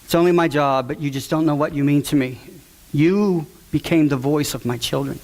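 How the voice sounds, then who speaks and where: A man's voice: fairly high pitch, normal speed, darkish tone. A father giving an earnest, emotional testimony to a church audience, repeating key words for emphasis.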